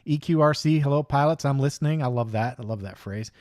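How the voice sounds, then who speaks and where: A middle-aged man hosts a casual livestream, rambling easily and greeting viewers one by one. His voice sits at an ordinary middle pitch. The sound is dry, with no room echo. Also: fairly quick, a little mellow. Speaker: host of a live hobby stream.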